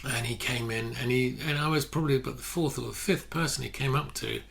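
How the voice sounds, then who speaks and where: An older man, a photographer telling stories in a relaxed interview, often restarting his sentences. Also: medium pitch, fast, gravelly. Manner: anecdotal, self-correcting, many restarts. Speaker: guest photographer. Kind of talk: casual interview chat.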